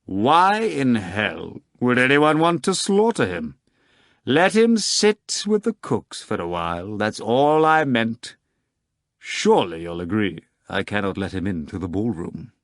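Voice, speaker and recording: A man voicing a suave, commanding devil who speaks courteously and gravely. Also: fairly low pitch, very animated, a little slow, a bit bright, no echo, studio quality, exaggerated voice. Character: suave devilish male magician, calm and commanding.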